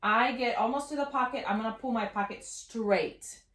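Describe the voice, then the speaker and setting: A woman's voice: a little high, moderate pace, a bit bright. A young woman hosting a sewing tutorial, bubbly and self-teasing, talking as she works at a serger. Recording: roomy echo, faint machine noise.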